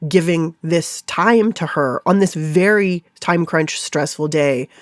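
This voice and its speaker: A woman chef and food writer, guest in a casual interview, talking in an animated way with laughs and acted-out quoted thoughts. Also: deep voice, slow, no echo, clean studio sound.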